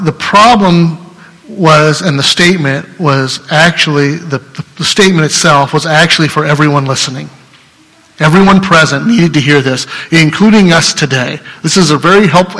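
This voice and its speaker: Male pastor, earnest and chatty sermon delivery, forceful tone, reverberant hall sound. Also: a little high. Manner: earnest, conversational, restarts mid-sentence.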